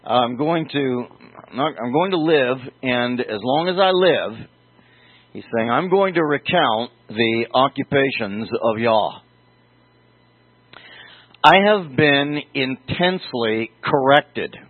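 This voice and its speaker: A man delivers a verse-by-verse sermon at an unhurried pace, stopping to unpack the meanings of words. The sound is dry and close, squeezed into a narrow phone-like band with a mid-level voice. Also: medium pitch, no room sound. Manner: slow, deliberate, explaining word meanings. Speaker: Bible teacher.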